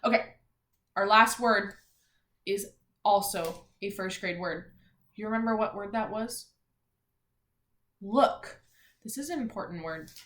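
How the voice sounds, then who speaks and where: A woman teacher giving a phonics and spelling lesson to young children, talking clearly and encouragingly. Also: medium pitch, measured pace, pauses often, a bit bright. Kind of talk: early-grades phonics lesson. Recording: echoey room.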